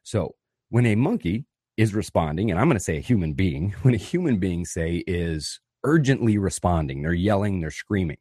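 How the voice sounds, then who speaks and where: Husky, lively-voiced man podcasting solo. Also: low-pitched, moderate pace, dry recording, clean studio sound. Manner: animated and profane, acts out quoted voices. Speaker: podcast host. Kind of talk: casual solo podcast monologue.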